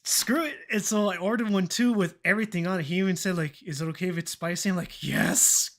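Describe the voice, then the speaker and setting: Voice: mid-range voice, steady tone, fast. Young adult streamer telling rambling stories. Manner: rambling, laughing, swears, acts out quoted dialogue. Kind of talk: casual storytelling chat.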